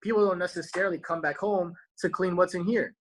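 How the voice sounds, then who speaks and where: A man's voice: high-pitched, fairly even intonation, brisk, slight background noise, low-quality recording. A man giving a casual motivational talk to his viewers, using slang and tagging "right?" onto almost every point. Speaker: motivational speaker.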